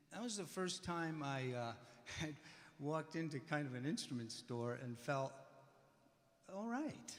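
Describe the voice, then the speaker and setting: A man giving a personal, self-deprecating storytelling tribute at a memorial. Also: fairly high pitch. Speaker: memorial speaker. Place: church hall used as a concert venue. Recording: live in a reverberant hall.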